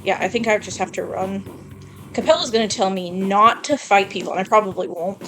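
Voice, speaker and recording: A woman talks casually through a video game playthrough, joking at her own expense and swearing freely. Her voice sits at a middle pitch. Faint game music plays underneath her. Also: brisk. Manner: chatty, self-deprecating, swears casually. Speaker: gamer playing through a game. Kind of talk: casual let's-play commentary.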